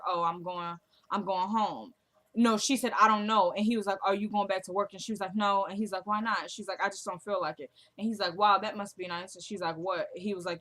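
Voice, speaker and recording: A chatty woman with a Southern American accent talks through a TV episode scene by scene. She drops into quiet quoted lines for each character. Her voice sits at an ordinary middle pitch. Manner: chatty, retells scenes quoting characters in a low soft voice. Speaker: TV recap vlogger. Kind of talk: casual episode recap.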